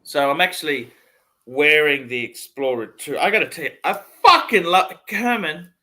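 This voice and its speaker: A man's voice: on the high side, moderate pace, pushed and bright. A man hosting a livestream, talking bluntly and swearing often in casual chat. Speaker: livestream host.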